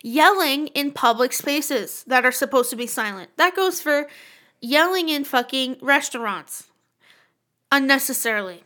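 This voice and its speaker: A young woman in casual podcast chat with a high, bright voice. She tells her stories animatedly and swears freely. Her reactions to everything are big and exaggerated. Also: animated, a little slow. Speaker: podcast co-host.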